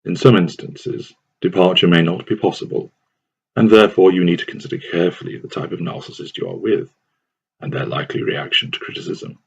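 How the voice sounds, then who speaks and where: A man reading a scripted advice text aloud in a measured, deliberate way. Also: low voice, gravelly, slightly rough. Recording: dull lo-fi recording.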